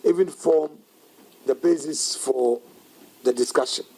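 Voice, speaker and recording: A man, a parliamentary caucus leader giving a measured, deliberate press conference statement that turns emphatic and defiant. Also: medium pitch, mellow, husky, poor audio.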